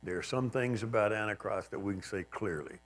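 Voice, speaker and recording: A man's voice: lowish voice, brisk, fairly bright tone. Older man preaching with easy, folksy storytelling. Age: 70s. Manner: conversational, self-deprecating storytelling; mimics others in a raised, emphatic voice. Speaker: pastor. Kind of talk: sermon. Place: church sanctuary.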